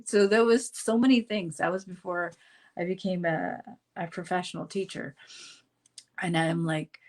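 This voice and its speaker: A middle-aged woman, a spiritual teacher, telling a personal story to camera in a halting way, restarting often and acting out remembered voices. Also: on the low side, steady tone, darkish tone.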